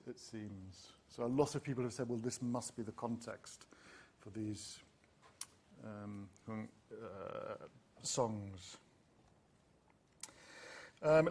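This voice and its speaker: Middle-aged guy lecturing on classics, lots of ums and restarts, mid pitch. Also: darkish tone. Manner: discursive, many ums and restarts. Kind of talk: university lecture.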